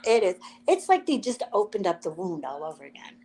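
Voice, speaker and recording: Animated woman telling a story. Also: mid-range voice, fairly quick, poor audio. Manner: animated storyteller, acts out quotes, laughs often. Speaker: live stream guest. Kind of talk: casual chat, storytelling.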